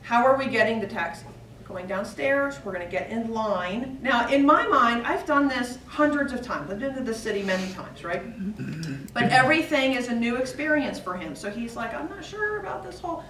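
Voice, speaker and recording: A woman's voice: a little high, animated, a little fast, a bit bright. A middle-aged woman giving a humorous storytelling speech at a speaking club, acting out the dialogue and dropping to a whisper for her son's lines. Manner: acts out dialogue, drops to a whisper for her son. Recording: echoey room, distant mic, faint hiss.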